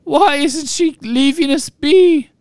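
A man voicing a frightened, sobbing female house-elf with a squeaky voice and broken grammar. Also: slow, darkish tone, no echo, clean studio sound, exaggerated voice. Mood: pleading.

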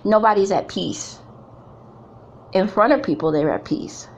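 A woman's voice: mid-range voice, a little slow, muffled recording, slight background noise. A middle-aged woman giving a blunt, emphatic talk to other women, repeating phrases for effect. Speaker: speaker addressing women. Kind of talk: candid motivational talk.

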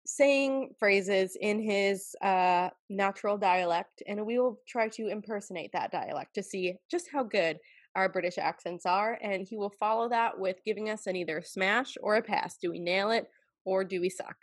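A woman from the United States co-hosting a casual podcast, lively and jokey and laughing often. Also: mid-range voice, normal speed. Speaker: podcast co-host.

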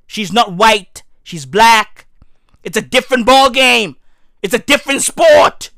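A man with a South African accent delivering a shouty, exasperated, profane comedic rant. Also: very high voice, no room sound, studio quality.

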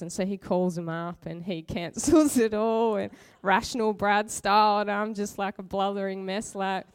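A woman's voice: mid-range voice, fairly even intonation, normal speed, few pauses, smooth. A middle-aged woman preaching a conversational sermon full of personal stories. She chats, laughs often and pokes fun at herself. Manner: chatty, laughs often, self-mocking.

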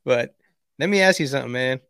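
A man's voice: medium pitch, fast talker, creaky, fairly bright tone, clean tone, no room sound, clean studio sound. A man co-hosting a podcast in casual chat, teasing and laughing easily. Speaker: podcast co-host.

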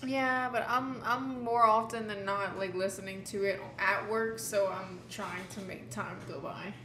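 A woman co-hosting a casual podcast, blunt and quick to swear and laugh. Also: medium pitch, fairly even intonation, pushed and bright. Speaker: podcast co-host. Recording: faint background noise.

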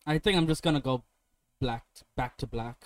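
A man's voice: mid-range voice, brisk, no echo. A young man hosting a podcast in casual chat, joking, swearing and laughing a lot. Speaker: podcast host.

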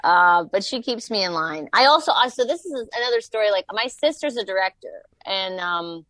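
A woman's voice: mid-range voice, expressive, normal speed, fairly bright tone, no echo. A young woman telling stories as a podcast guest, rambling with many fillers. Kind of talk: casual podcast chat.

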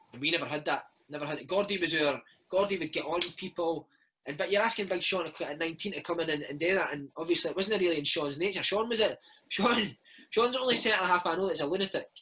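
A Scottish man in his thirties swaps football stories in a relaxed interview, his voice husky and bright. He talks with lively energy and drops "mate" and "man" into nearly every sentence. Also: on the high side, poor audio. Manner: lively, animated anecdotes peppered with "mate" and "man". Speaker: former footballer, interview guest. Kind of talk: casual storytelling interview.

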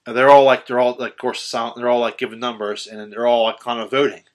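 A man's voice: medium pitch, flat delivery, quick pace. A young man in a casual chat about a film, rambling with lots of fillers and swearing freely. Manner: rambling, profane, many fillers.

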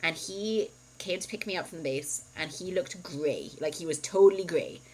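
A woman's voice: lowish voice, moderate pace, darkish tone, slight background noise, rough recording. A woman in her thirties, co-hosting a podcast and candidly telling a personal story in casual chat, full of "like" and "um". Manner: candid, chatty storytelling with frequent "like" and "um". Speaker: podcast co-host.

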